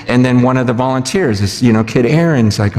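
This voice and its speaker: A man preaching a sermon, telling a story in a lively, conversational way that breaks into shouts. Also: mid-range voice, brisk, in a large hall. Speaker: pastor.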